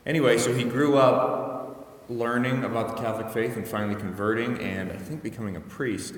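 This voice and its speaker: A man's voice: on the low side, a little hiss or hum. Man preaching in an echoey church. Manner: conversational, self-correcting, wry asides. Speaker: priest. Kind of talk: weekday homily. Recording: echoey church hall, voice from a distance.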